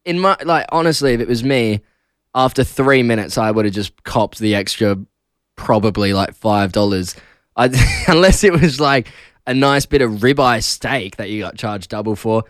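Speaking at a normal speed in a mid-range voice, a young Australian man runs a casual breakfast radio show, chatting, laughing frequently and spinning lively stories. His studio broadcast mic delivers a clean, echo-free tone of studio quality.

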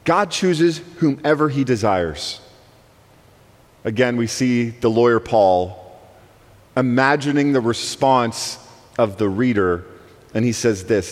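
A man preaching a sermon as guest speaker, emphatic, swinging between soaring lines and hushed ones. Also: medium pitch, expressive, slow, long pauses. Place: church sanctuary. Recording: long reverb of a church hall.

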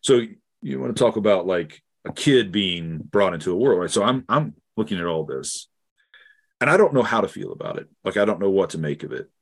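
Earnest deep-voiced man telling a story. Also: sing-song. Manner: earnest, halting, many restarts. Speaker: guest theologian. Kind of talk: reflective storytelling in conversation.

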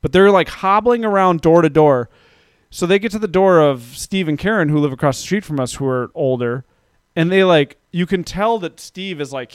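A man in his thirties telling a story in a casual, profane rant that grows heated and loud. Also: fairly high pitch, clean tone, dry recording, clean studio sound. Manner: ranting, profane, gets heated and loud when recounting.

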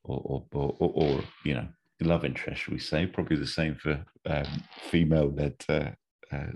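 A man with a very deep, husky voice chats on a podcast. He sounds amused and rambles, often losing the end of his sentence. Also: little pitch movement, normal speed, darkish tone. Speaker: podcast co-host. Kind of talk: casual chat.

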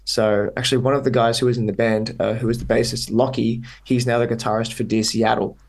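A man's voice: mid-range voice, flat delivery, fast talker, creaky. A young Australian man with an Australian accent, guesting on a podcast and chatting in a rambling, upbeat way full of fillers. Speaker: guest musician. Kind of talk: casual podcast chat.

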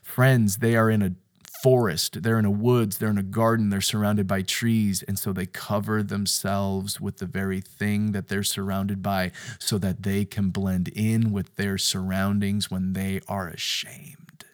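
A man giving a sermon-style podcast talk, stressing his points by repeating phrases and moving from hushed near-whispers to loud bursts. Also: fairly low pitch, level tone, measured pace.

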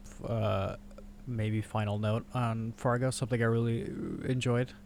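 A man's voice: mid-range voice, little pitch movement, a little slow, a little mellow, slight background noise. A young man in casual conversation, enthusiastically retelling movie scenes and quoting characters as he goes.

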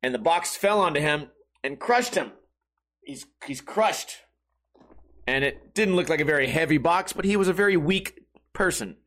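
Male, mid-thirties, profane rambling monologue with lots of laughs; lively, high-ish voice. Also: normal speed. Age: 30s. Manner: swears constantly, rants, laughs between lines.

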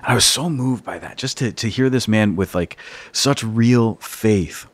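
A priest who also hosts a podcast tells a lively story in casual conversation, speaking in a low male voice at a measured pace. He's from the East Coast of the United States and is an animated storyteller who acts out quotes and laughs often.

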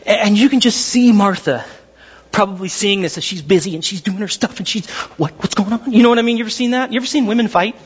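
High-voiced animated preaching man. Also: breathy edge, highs cut off. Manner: animated, acts out voices of characters. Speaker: pastor. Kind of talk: sermon.

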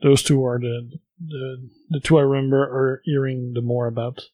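A man co-hosting a relaxed hobby chat, hesitant, with frequent filler pauses. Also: mid-range voice, no room sound, narrow, tinny audio. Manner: hesitant, many uh fillers, laughs softly. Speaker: podcast co-host. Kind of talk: casual chat.

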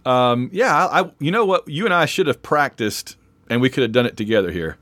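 A man's voice: medium pitch, animated, a little fast, a bit bright, no echo. Chatty, enthusiastic man, dry close mic. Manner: chatty, enthusiastic fan, self-interrupting. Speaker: podcast co-host. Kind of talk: casual chat.

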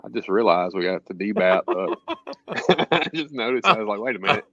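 An enthusiastic male podcast co-host who laughs easily. His pitch swings animatedly in casual chat. His voice has a bright, forceful edge. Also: big pitch swings, normal speed, no echo, highs cut off.

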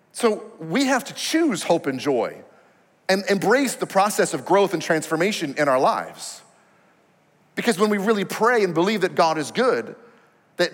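A male pastor preaches in a high, animated voice that swoops up and down, talking to the congregation in a conversational, emphatic way. His words carry a long reverb from a large hall. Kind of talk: sermon.

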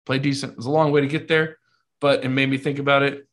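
A man's voice: medium pitch, flat delivery, quick pace, a bit bright. A man co-hosting a casual sports podcast, talking animatedly, swearing and acting out conversations he retells. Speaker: podcast co-host.

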